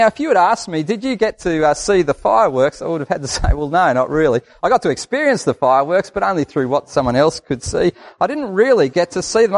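A man's voice: fairly high pitch, gravelly. An Australian man preaching a sermon in a conversational, folksy way, repeating phrases for emphasis.

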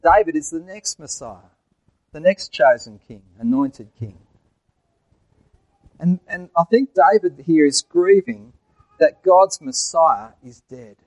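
A man's voice: a little high, animated, takes it slowly, pauses often, darkish tone, dry recording, poor audio. A man preaching a sermon in church, asking the congregation questions and telling jokes.

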